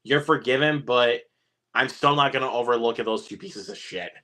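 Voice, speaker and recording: A man's voice: mid-range voice, normal speed, pushed and bright. Blunt, swearing man on a podcast. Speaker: podcast co-host reviewing films. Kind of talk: casual chat.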